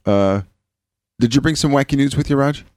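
A man's voice: moderate pace, darkish tone, no echo. A man hosting a podcast in a studio, chatting casually in a joking, rambling way and laughing often. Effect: pitch-shifted high cartoonish voice. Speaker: podcast host. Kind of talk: casual chat.

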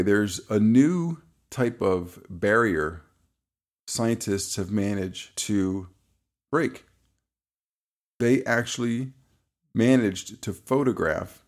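Deep gravelly guy rambling on a podcast, trips over his words a lot. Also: a little mellow. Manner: rambling, halting, laughs easily, stumbles then reads aloud. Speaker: podcast co-host. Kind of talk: casual chat.

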